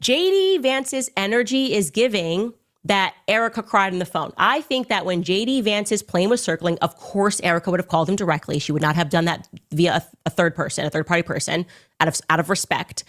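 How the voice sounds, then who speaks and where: Woman commentator, lower pitch, emphatic and accusing, speculative opinion delivery. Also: lively intonation, brisk, a bit bright. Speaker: political commentator. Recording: clip from an online show.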